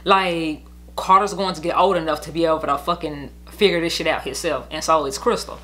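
A woman talks straight into the mic, her voice bright and forceful. She rambles through her own story in a heated, profane rush, leaning on "like" at every turn. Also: low voice, fairly even intonation, fairly quick. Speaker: podcast host telling her own story. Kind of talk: casual venting monologue.

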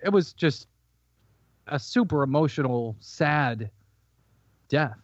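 A man co-hosting a podcast, talking earnestly and deliberately, with pauses. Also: fairly high pitch, expressive, dry recording, dull audio. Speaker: podcast co-host. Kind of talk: casual chat.

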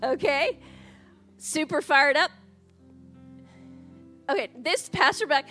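A woman pastor in her forties preaches in a church with a very high voice. Her tone is bright and forceful, and she keeps it chatty and full of jokes. Soft music plays faintly behind her. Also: takes it slowly, pauses often. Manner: lively, chatty and joking. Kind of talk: sermon.

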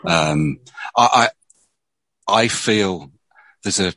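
A man's voice: sits low, very slow, sharp tone, no echo, low-quality recording. A man, a screenwriter, telling stories in casual conversation with many restarts. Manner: chatty storyteller, many restarts. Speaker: screenwriter guest.

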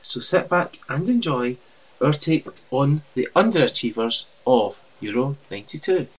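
A man, the podcast host, reading a scripted introduction at a steady pace. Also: mid-range voice, normal speed, muffled recording.

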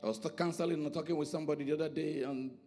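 A male pastor preaching a sermon, his delivery swinging from soaring, sing-song emphasis to low, hushed lines. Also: fairly even intonation, very fast, faint music behind.

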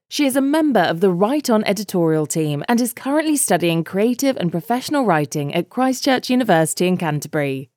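Lively woman announcing a podcast. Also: medium pitch, no room sound, studio quality. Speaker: podcast host. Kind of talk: scripted show introduction. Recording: loud music behind. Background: loud music.

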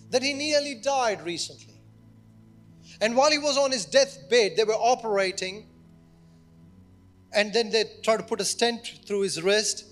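A man preaching a sermon as pastor, telling a story with animation and acting out what people said. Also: sits high. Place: church service.

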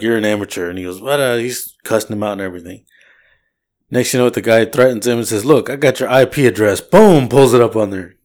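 Low-voiced man rambling through a movie recap. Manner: rambling, acts out lines from scenes. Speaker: podcast co-host.

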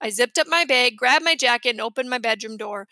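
A woman reading a children's chapter book aloud with lively storytelling. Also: on the high side, fairly quick, no echo. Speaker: reader.

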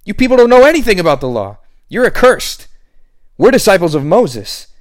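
A man voicing a scornful, indignant male Pharisee leader, speaking in a sneering, heated and rapid way, much higher than his own voice and a bit off-mic. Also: big pitch swings.

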